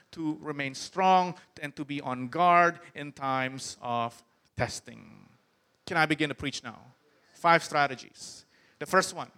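A man's voice: high-pitched, bright, forceful tone. A man preaching a sermon, emphatic and often turning to the congregation with questions. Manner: emphatic, asks the crowd questions.

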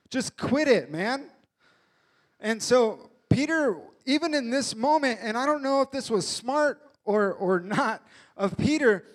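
A man preaching a casual, jokey sermon, retelling a story in a lively way with acted-out voices. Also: sits high.

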